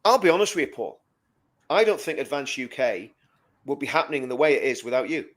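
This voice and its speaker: A man's voice: mid-range voice, very animated, fast talker, a bit bright. A man co-hosting a live stream, talking emphatically and repeating words as he builds his point. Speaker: co-host. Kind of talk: casual live-stream chat.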